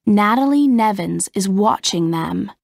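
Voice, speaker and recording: A woman reading a simple story as an audiobook narrator, in a careful, clearly articulated way. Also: mid-range voice, animated, a little slow, dry recording, clean studio sound. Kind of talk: scripted narration of a graded reader story.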